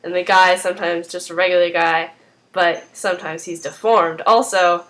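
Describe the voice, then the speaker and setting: A woman's voice: lowish voice, steady tone, normal speed, fairly bright tone. Rambling woman recapping a TV episode. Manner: rambling, heavy use of "like" and "um"; apologetic asides. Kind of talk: casual spoken TV recap.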